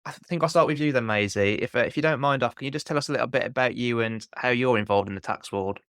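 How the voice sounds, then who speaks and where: Man, podcast host, casual chat, clear voice, dry sound. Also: mid-range voice, fast, fairly bright tone, dry recording. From Black Country, England.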